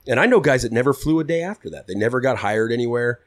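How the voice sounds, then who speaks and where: A man in his thirties, a podcast guest, telling stories in a relaxed, casual way, swearing freely and acting out what people said. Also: mid-range voice, fast talker. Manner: relaxed, swears freely, acts out quoted dialogue. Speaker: podcast guest, pilot turned putter maker. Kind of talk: casual storytelling.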